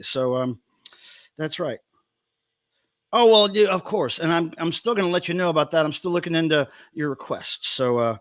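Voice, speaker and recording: A man's voice: on the high side, fairly bright tone, dry recording. A man hosting a casual livestream from home, playfully greeting viewers one by one. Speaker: livestream host.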